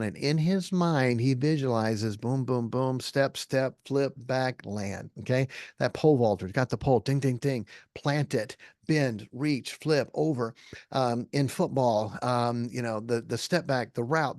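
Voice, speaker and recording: Gravelly-voiced middle-aged man speaking earnestly. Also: medium pitch, darkish tone, dry recording, studio quality. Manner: earnest, folksy, with frequent "okay?" check-ins. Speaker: Christian speaker. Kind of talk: talk to a live audience.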